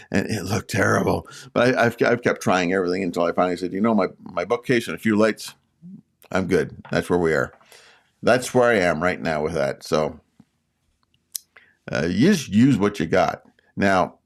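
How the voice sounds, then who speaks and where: An older Canadian man with a Canadian accent and a raspy, sore voice, hosting his channel and giving rambling casual advice with many fillers and restarts. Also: low-pitched. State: sore throat. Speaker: YouTube channel host.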